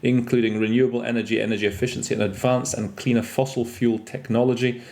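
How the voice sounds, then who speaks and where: This man's voice is mid-range, level and quick, with a creaky, darkish quality. He's an interpreter trainer based in France, chatting through a podcast lesson on interpreting vocabulary, correcting himself and dropping in French and Russian terms.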